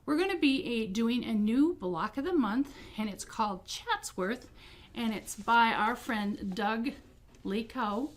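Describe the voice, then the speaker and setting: A middle-aged woman with a slightly high voice talks casually in a quilt shop. She is enthusiastic and chatty. She hesitates with ums and repeats words like beautiful. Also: lively intonation, measured pace. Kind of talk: casual product presentation.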